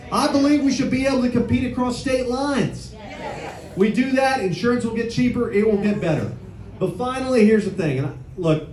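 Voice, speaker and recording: A political candidate with a high, darkish-toned voice gives a punchy campaign speech to a crowd in a meeting room. He repeats lines and poses questions to the audience. The room is echoey, with faint noise.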